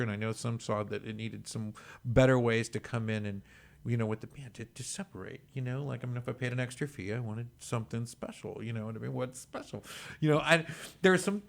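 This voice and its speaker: Gravelly Texan man, rambling and chatty. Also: medium pitch. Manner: rambling, chatty, laughs often. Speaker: radio show host. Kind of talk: casual chat.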